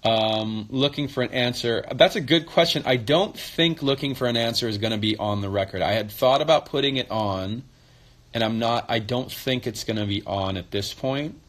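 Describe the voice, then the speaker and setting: A man's voice: medium pitch, moderate pace, a bit bright. Easygoing man chatting on a phone livestream. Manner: loose and chatty, many fillers and restarts. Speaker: musician answering fan questions. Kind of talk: casual livestream chat.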